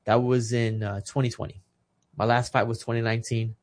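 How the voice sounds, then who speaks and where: A man's voice: mid-range voice, little pitch movement, fairly quick. A man in his thirties, a retired boxer from Texas, telling an emotional personal story in a casual interview, earnest and full of restarts.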